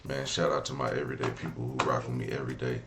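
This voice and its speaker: A man hosting his channel, giving shout-outs and sponsor plugs in a hyped, slangy, loose way. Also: a bass voice, little pitch movement, quick pace, background noise. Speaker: channel host.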